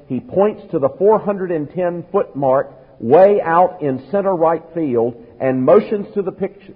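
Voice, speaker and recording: A man preaching an expository sermon, measured and emphatic, slowing down to stress key phrases. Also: on the high side, husky. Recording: tinny phone-like sound, long hall reverb.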